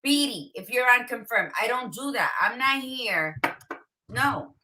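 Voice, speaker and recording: A woman's voice: on the high side, lively intonation, a little slow, noisy background. A woman co-hosting a podcast in casual chat, blunt and profane, with no-nonsense advice. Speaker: podcast co-host.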